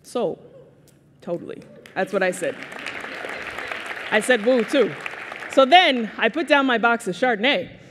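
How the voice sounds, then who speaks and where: A woman in her thirties tells funny, self-mocking personal stories at a forum, her delivery animated and sharply timed. Her voice sits at an ordinary middle pitch. A long reverb from the large room trails after each line. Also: measured pace, pauses often, a crowd in the background, background noise. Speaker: keynote speaker. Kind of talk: humorous personal storytelling speech.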